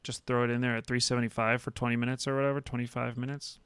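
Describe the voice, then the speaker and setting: A man's voice: mid-range voice, level tone, racing, fairly bright tone, smooth, dry recording. A man co-hosting a podcast in casual chat, rambling and joking with a lot of swearing. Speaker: podcast co-host.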